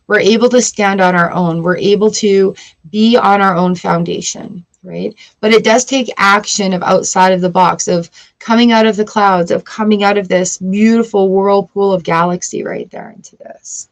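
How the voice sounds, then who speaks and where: A woman reads tarot cards for her viewers in a relaxed, chatty way. She talks straight to the audience and keeps checking in with a quick "right?" Her voice sits at an ordinary middle pitch for a woman. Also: low-quality recording. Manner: chatty, addresses viewers directly with frequent "right?". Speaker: tarot reader. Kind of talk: casual tarot reading to camera.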